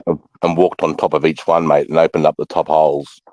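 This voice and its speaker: A man's voice: very deep voice, little pitch movement, fairly quick, a little mellow, rough recording. An Australian man hosting a livestream, rambling through a casual chat with plenty of swearing. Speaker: livestream host.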